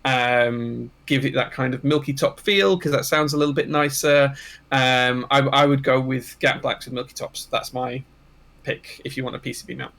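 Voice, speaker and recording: A man's voice: medium pitch, fairly even intonation, normal speed, gravelly, a bit bright. A man co-hosting a casual livestream, chatty and rambling with frequent ums. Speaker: co-host.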